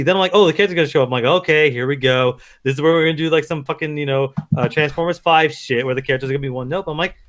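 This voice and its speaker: A man co-hosting a casual movie review chat, excitable and profane, acting out his own reactions as he talks. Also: on the high side. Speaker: podcast co-host.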